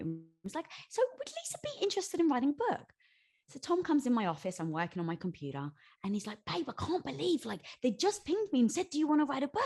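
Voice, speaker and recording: A woman speaking as a podcast guest, bubbly and quick to laugh, moving from excited squeals to low, earnest explanation. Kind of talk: animated interview conversation.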